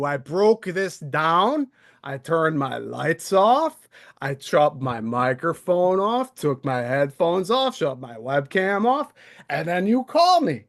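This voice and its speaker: Aggrieved man ranting on a live stream. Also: high voice. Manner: aggrieved, sarcastic, mocking impressions.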